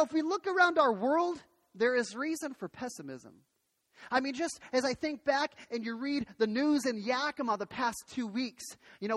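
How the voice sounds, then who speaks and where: Animated pastor preaching in a reverberant hall. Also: male voice, very high voice. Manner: animated storytelling with many restarts. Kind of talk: sermon.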